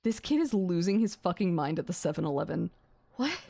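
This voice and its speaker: A young adult woman streamer reading a visual novel aloud on a gaming stream, excitable and swearing between gasps and laughs. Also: fairly low pitch, a little fast, gravelly.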